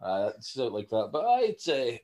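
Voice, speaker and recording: Scottish man, thirties, podcast co-host. Animated, sweary storyteller with a lively, wide-ranging voice. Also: medium pitch, moderate pace. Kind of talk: casual chat.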